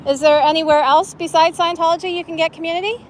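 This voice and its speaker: A high-pitched woman talks into her handheld phone while out on a city street, livestreaming and questioning passersby. Her tone is dry and sarcastic. Loud street noise sits under her voice. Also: fairly even intonation, quick pace. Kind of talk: casual live street commentary. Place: outdoors on a public city street. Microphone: handheld cell phone.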